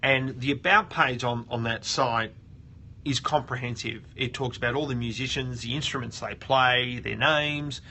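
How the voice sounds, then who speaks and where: Gravelly, forceful man teaching. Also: medium pitch, steady tone, normal speed, slight background noise. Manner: thinks aloud, with frequent restarts. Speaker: host of a web audit show. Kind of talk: casual screen-share tutorial.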